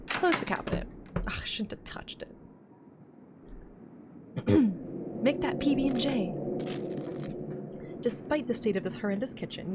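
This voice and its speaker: Woman gamer narrating a visual novel, chatty asides, noisy home recording. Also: mid-range voice. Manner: chatty, reads narration then comments with laughs. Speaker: let's play gamer voicing a visual novel. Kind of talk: reading and playing a horror visual novel aloud.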